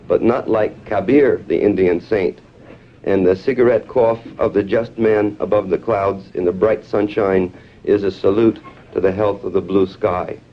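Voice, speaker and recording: Man chanting a poem, dull old recording. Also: on the low side. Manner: declamatory, chant-like repetition. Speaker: poet. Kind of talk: reading his own poem aloud.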